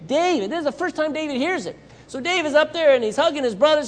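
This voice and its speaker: A man's voice: very high-pitched, fast. A man with a Southern US accent preaching a sermon as a missionary, acting out Bible characters as he goes. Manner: animated, acts out Bible characters.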